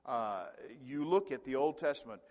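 A man's voice: medium pitch, expressive, moderate pace, darkish tone. A man preaching a sermon as pastor of a large church, talking conversationally with asides and fillers. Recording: long reverb of a large hall.

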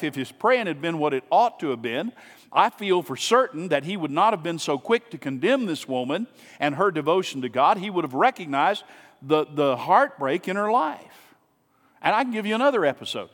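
A man's voice: on the high side, a bit bright, long reverb tail. A man pastor preaching a sermon in a casual, conversational way, asking rhetorical questions and dropping asides to his congregation. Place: church sanctuary.

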